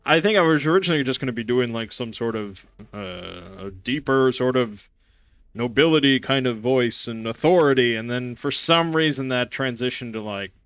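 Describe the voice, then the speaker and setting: A man's voice: mid-range voice, lively intonation, moderate pace, fairly bright tone, smooth, dry recording. A young man hosting a casual gaming stream, rambling sarcastically with lots of fillers and restarts.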